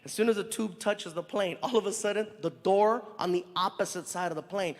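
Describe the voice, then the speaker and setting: A male stand-up comedian telling an animated story on stage with a handheld mic, acting out other people's voices. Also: sits high, fairly quick. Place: large theater on stage. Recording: long hall reverb, audience noise.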